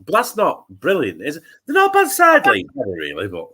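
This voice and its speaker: A man's voice: fairly high pitch, wildly swooping pitch, normal speed, bright, forceful tone, husky. A man from England co-hosting a live football watch-along, telling a sweary story in casual chat. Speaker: co-host.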